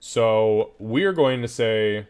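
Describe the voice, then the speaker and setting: A man narrating as game master of a tabletop game, casual and quick to laugh, swearing freely. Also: on the low side, darkish tone, clear, resonant tone.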